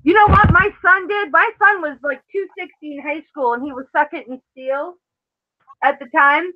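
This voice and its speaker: Brash high-voiced woman host, lo-fi. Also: moderate pace. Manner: brash, profane storytelling. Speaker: host of a live show. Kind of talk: casual live chat. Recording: dull lo-fi sound.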